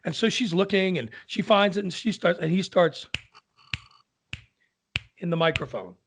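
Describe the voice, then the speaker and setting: A man, an opera singer, telling a lively anecdote in casual conversation and acting out the people in it. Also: sits high, normal speed, noisy background. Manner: animated storyteller, acts out quoted voices.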